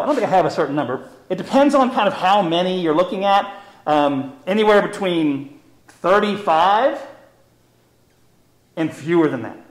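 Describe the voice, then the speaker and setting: Man, zoo educator, high voice, very lively pitch, chatty, upbeat, echoey room. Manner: chatty, upbeat, explains with memory tricks. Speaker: zoo educator, program host. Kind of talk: live educational stream, casual teaching.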